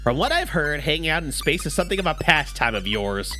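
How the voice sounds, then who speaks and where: A man's voice: on the high side, big pitch swings, a little fast, pushed and bright, soft background music, pitched above the performer's own voice. A man reading a smug petty lieutenant. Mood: teasing.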